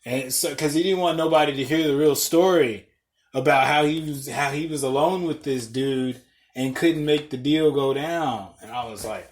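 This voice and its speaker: A podcast host telling a long story in casual, profane talk, acting out the lines of the people in it. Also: male voice, medium pitch, fairly quick. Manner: profane, animated, reenacts dialogue.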